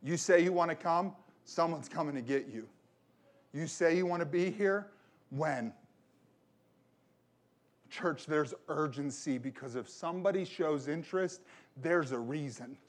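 Pastor guy preaching hard, voice a bit on the high side, keeps repeating stuff to drive it home. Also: measured pace, pauses often. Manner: emphatic preaching with personal storytelling; repeats phrases for emphasis. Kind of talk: sermon.

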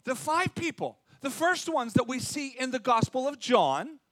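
A man preaching a sermon as pastor, talking in a lively, conversational way and acting out quotes. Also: very high-pitched, moderate pace, dry recording.

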